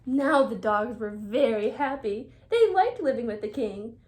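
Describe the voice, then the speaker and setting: A woman reading a children's picture book aloud in an animated way, with whispered asides to the young listeners. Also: high-pitched, unhurried, few pauses. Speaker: reader.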